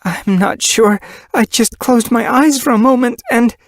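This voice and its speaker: A man's voice: extremely high pitch, a little slow, dry recording, clean studio sound, voice pushed up. A man voicing a sick, apologetic adult she-cat in an audiobook, hesitant and faltering.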